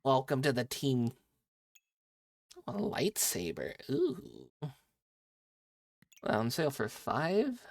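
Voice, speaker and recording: Young male streamer, mid-pitched, chatty and joking with chat over a dry headset mic. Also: wildly swooping pitch, slow pace, creaky, pauses often, no room sound. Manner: chatty and playful, reacting to chat as he plays. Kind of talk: casual live game-stream chat with viewers.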